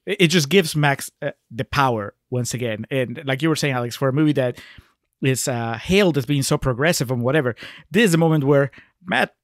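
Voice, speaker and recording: Male co-host, mid pitch, slow sarcastic analysis, dry close sound. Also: no echo. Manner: deliberate, sarcastic, measured. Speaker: podcast co-host. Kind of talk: casual film discussion.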